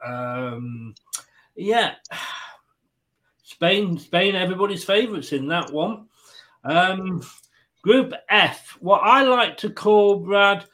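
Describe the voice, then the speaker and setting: A man's voice: on the high side, a bit bright, poor audio. A man hosting a casual football prediction chat, joking, laughing often and reading out listener picks. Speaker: podcast host.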